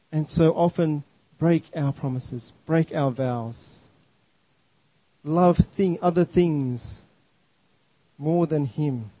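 Earnest and emphatic, this male preacher moves slowly through his sermon, repeatedly tripping over words and starting again. His voice is pitched somewhat high but has a dark, husky quality, and the low-quality recording is dry and close with no room sound.

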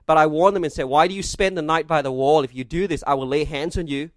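A man's voice: fairly high pitch, quick pace, no echo. A man preaching a sermon, reading scripture aloud and asking his listeners rhetorical questions. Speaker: pastor.

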